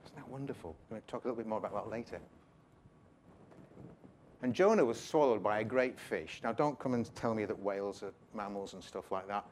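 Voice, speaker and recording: A man's voice: fairly low pitch, a little fast, darkish tone, slight background noise. A man giving an informal, jokey sermon, retelling a Bible story with chatty asides. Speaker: preacher.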